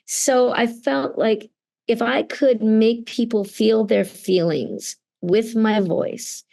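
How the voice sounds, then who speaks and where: A woman's voice: a little high, slow, creaky, dark tone. A middle-aged woman from Canada speaking earnestly and expressively in an interview, acting out the people she quotes. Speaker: voice actor guest. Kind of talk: interview conversation.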